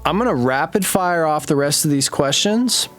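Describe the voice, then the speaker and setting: A man's voice: on the high side, lively intonation, moderate pace, a bit bright, faint music behind. A man hosting an interview, chatting casually in a laid-back, jokey way. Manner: laid-back, jokey, says "bro" often. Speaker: podcast host.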